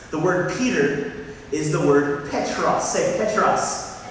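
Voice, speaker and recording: A man preaching a sermon, animated and building to impassioned peaks. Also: fairly high pitch, moderate pace. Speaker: pastor. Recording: echoey hall from far off, faint noise.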